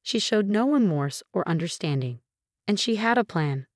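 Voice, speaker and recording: Lower-voiced woman narrating a story. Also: expressive, normal speed, darkish tone, no echo, studio quality. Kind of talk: scripted first-person story narration.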